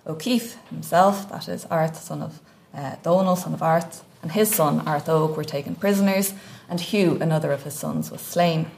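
Low, gravelly-voiced woman presenting research. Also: darkish tone. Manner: measured, careful delivery with frequent ums. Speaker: academic conference speaker. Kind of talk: reading a scholarly paper. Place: conference lecture room.

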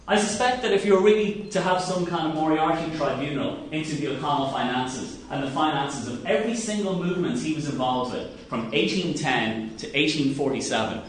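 A man with an Irish accent giving a history seminar lecture, telling it as a story and acting out quoted speeches. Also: mid-range voice. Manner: storytelling, acts out quoted speeches with rising emphasis. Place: lecture hall. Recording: echoey room, far from the mic, faint hiss.

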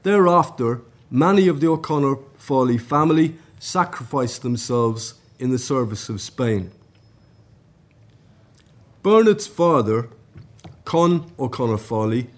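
A man at a conference, reading out a formal academic paper in a measured way. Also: mid-range voice. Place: conference room.

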